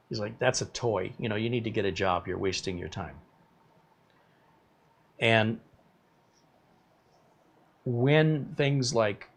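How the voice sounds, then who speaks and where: A man's voice: lowish voice, breathy edge. A man in his fifties hosting a live tech stream, chatting casually and rambling between topics while reading viewer comments. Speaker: tech YouTuber host.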